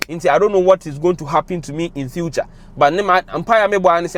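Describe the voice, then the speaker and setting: A man's voice: sits high, fast, fairly bright tone. A young Ghanaian man speaking with a Ghanaian accent, giving emotional, impassioned commentary that switches between English and Twi. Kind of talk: passionate commentary to camera.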